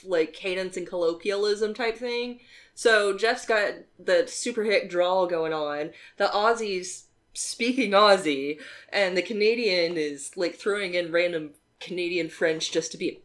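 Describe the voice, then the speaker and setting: Low-voiced woman, chatty storyteller. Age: adult, married. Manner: rambling storyteller, lots of "um" and asides. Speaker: podcast co-host. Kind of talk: casual chat.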